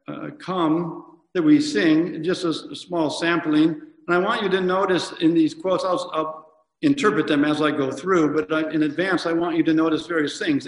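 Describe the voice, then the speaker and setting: A man, a priest, giving a reflective sermon, pausing often and correcting himself as he reads hymns aloud. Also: a little high. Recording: echoey church hall from a distance.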